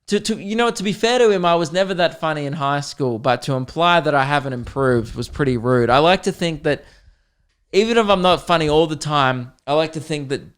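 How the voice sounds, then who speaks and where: A man's voice: a little high, a little fast, clean tone. A young man, a comedian hosting his podcast, telling a funny story and acting out both sides of the chat. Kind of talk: storytelling monologue.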